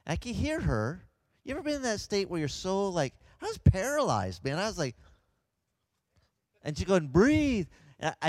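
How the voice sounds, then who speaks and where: A man who is a pastor, telling a lively personal story and acting out the voices of the people in it. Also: a little high, no room sound. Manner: animated, acts out voices of others. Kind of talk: storytelling anecdote.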